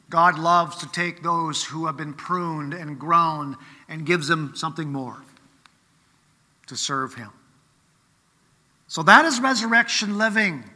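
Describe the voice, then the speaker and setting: A man's voice: on the high side, bright, forceful tone, big-room sound. A man preaching a sermon in a conversational way, often checking in with rhetorical questions.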